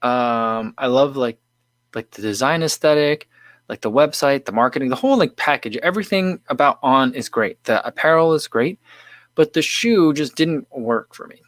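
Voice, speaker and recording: A man's voice: medium pitch, moderate pace, fairly bright tone, no room sound. A man hosting a casual livestream, chatting in an easygoing, rambling way with lots of fillers and restarts while reading viewer comments. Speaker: livestream host.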